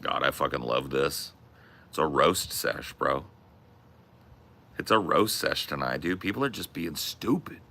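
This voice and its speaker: A man's voice: a bass voice, animated, measured pace, vocal fry, pauses often, sharp tone. Brash, trash-talking male streamer. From US West Coast. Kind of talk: casual livestream rant.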